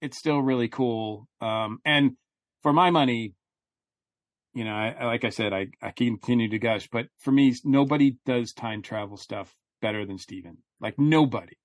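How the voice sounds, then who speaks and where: A man's voice: mid-range voice, normal speed, dry recording. A man co-hosting a fan podcast, chatting casually and gushing with enthusiasm, often restarting his sentences. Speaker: podcast co-host.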